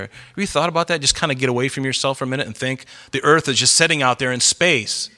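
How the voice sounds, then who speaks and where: Speaking in a mid-range voice, this middle-aged pastor delivers his sermon like a heartfelt, conversational story, his energy building as he continues.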